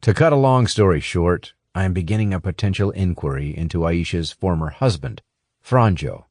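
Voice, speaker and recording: A man voicing a calm, courteous male investigator who speaks in a polite, measured way in a storybook. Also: low voice, no room sound, clean studio sound.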